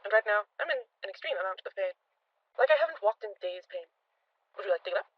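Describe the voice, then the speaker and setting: A worn-out tiefling mother, blunt and dryly funny, fresh from a long sleep, put on by a fast-talking game master. She talks briskly and matter-of-factly, in a quick, dry-sounding voice, and sounds a touch louder than the storyteller's usual talk. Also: medium pitch, animated, no echo, dull audio, close to an everyday voice.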